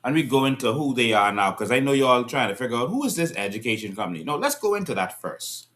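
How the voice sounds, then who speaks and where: A man talking politics straight to his audience, with a bright, ringing tone. His pitch swings widely as he piles up rhetorical questions and lectures in an exasperated voice. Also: quick pace. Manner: animated, rhetorical, rising into exasperated scolding. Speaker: political commentator. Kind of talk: casual political commentary to viewers.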